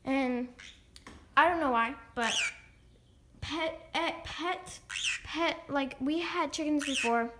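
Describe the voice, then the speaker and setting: A young girl chatting casually about her pets, rambling and restarting often. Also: a little high. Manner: rambling, halting, full of restarts. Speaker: vlogger. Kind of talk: casual pet vlog.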